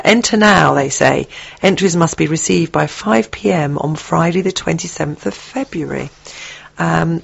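Gravelly-voiced woman co-hosting radio. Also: low-pitched, lo-fi sound. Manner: chatty, playful, reads listener messages. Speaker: co-host. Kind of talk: casual radio chat.

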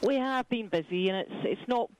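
A woman joining a radio show as a business guest, talking in a brisk, friendly way. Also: fairly high pitch, a little mellow, dry recording, low-quality recording. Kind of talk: phone interview.

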